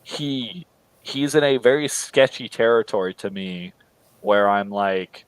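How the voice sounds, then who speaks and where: Man, livestream co-host, low and unhurried, dry close sound, rambling chat. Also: little pitch movement, clear, resonant tone, dry recording, rough recording. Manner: rambling, many restarts and mocking quoted voices. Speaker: podcast co-host. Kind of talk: casual political chat on a livestream.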